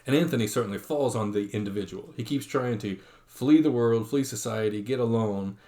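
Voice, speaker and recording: A man's voice: medium pitch, fairly quick, warm tone. A man giving an online lecture, reading quotations aloud with frequent fillers and restarts.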